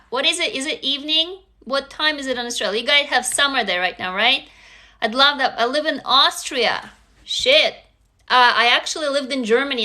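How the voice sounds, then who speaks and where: Woman, native Russian speaker, live-stream host, bright voice, higher pitch, chatty, casual swearing, phone mic. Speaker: livestream host.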